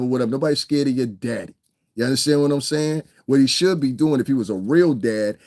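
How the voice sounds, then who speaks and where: A man with a New York accent rants into the mic at a mid-range pitch. His delivery is blunt and profane, and he keeps circling back to check that the listener is following. The recording is dry and close, with no room echo. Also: a little mellow. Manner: blunt, profane, repeats "you understand what I'm saying". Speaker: online commentator. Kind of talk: ranting livestream commentary.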